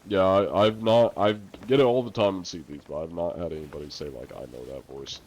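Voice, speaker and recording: A young male streamer with a low, deep voice chats loosely with his viewers. He rambles, fills gaps with "like" and "um," and swears now and then. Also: steady tone, fairly quick, a little mellow, highs cut off. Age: young adult. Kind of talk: casual stream chat answering viewer questions.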